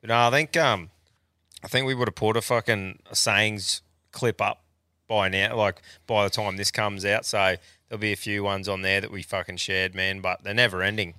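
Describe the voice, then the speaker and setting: A man with an Australian accent hosts a podcast, bantering loosely and swearing casually. His voice is lowish but bright and clear. The room sounds dry. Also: steady tone, moderate pace, dry recording. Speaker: podcast host. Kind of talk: casual chat.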